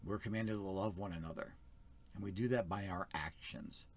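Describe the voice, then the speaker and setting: A man's voice: low voice, moderate pace. A man speaking as first elder of a small church, giving an earnest, plain-spoken sermon.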